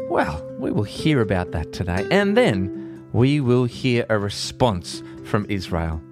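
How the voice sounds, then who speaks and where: A man hosting a podcast, chatting briefly in an expressive, unhurried way and then reading scripture aloud. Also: fairly low pitch, music in the background. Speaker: podcast host reading the Bible.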